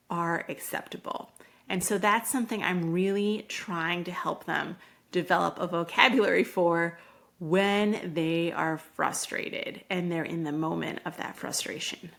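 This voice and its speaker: Gravelly-voiced woman giving parenting advice. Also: medium pitch. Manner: calm, explanatory, acts out parent and child quotes. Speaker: parenting podcast host.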